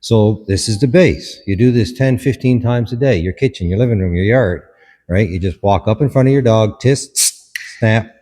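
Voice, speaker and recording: A man gives a dog training lesson as he works with the dog, calm and instructive, with short commands. His voice sits fairly low and sounds a little husky. A long reverb trails after his words. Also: moderate pace. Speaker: dog behaviourist. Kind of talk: hands-on training demonstration.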